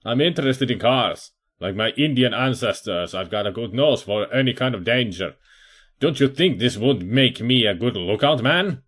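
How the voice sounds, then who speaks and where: A cunning middle-aged crook who deals in stolen goods, as a man puts him on. He talks in a deliberately overdone fake accent, with a pitch that rises and falls a lot. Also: animated, fairly bright tone. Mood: sly. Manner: put-on exaggerated accent.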